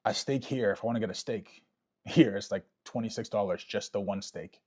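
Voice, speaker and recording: Husky man chatting over gameplay. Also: on the low side, a little fast, darkish tone. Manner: rambling, chatty with viewers. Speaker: let's play streamer. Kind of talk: casual gameplay commentary.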